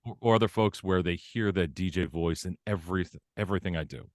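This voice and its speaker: Low-voiced man, animated and laughing. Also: a little fast, no room sound, studio quality. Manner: animated storyteller, laughs often, bursts into a higher showman voice for quotes. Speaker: voice actor guest. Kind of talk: casual interview chat.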